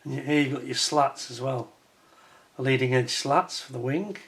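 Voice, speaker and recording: A man's voice: medium pitch, moderate pace, fairly bright tone. A man giving a casual hands-on review of a scale model kit, chatty and admiring, with wry self-mocking asides.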